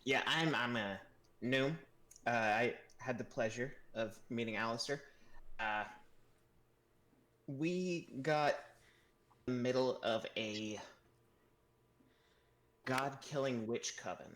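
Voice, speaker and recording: A man voicing a goblin adventurer who talks in a slow, halting way. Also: mid-range voice, fairly bright tone. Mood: grave. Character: goblin adventurer, gravelly and low. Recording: echoey room, off mic.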